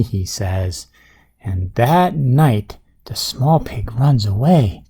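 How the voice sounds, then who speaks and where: A man's voice: medium pitch, lively intonation, drawn-out words, mellow, husky. A man reading a storybook aloud at bedtime, with playful asides to a child listener. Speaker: storybook reader.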